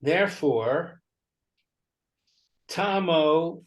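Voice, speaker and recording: A man's voice: on the high side, lively intonation, drawn-out words. A man reading a text aloud phrase by phrase in a study session, hesitating often.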